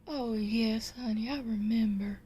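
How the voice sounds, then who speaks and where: Woman putting on a tender wife voice, high and soft, slow. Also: fairly even intonation, breathy edge. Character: sweet sentimental middle-aged wife.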